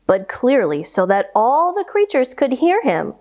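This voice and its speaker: A woman's voice: on the high side, lo-fi sound. A young adult woman leading a children's yoga storytime, reading aloud and giving playful movement cues with animal sounds. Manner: animated, slow, playful sound effects for kids.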